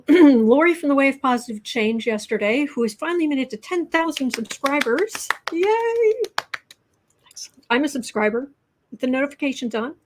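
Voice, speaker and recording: A woman hosting a casual tarot livestream, talking in a halting way with many ums and restarts, blunt and sarcastic. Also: fairly high pitch. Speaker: tarot and astrology livestream host. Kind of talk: casual political commentary livestream.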